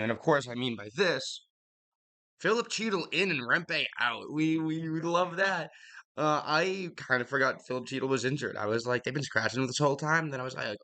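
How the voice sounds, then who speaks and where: A man's voice: mid-range voice, bright, forceful tone. A young man hosting a podcast, rambling bluntly through casual hockey commentary, out of breath and swearing freely. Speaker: podcast host.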